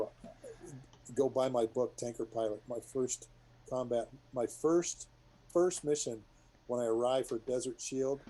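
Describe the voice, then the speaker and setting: A middle-aged man, a retired military pilot, telling rambling war stories to a group in a casual, animated way. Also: medium pitch, rough recording. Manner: rambling, animated, many restarts and asides.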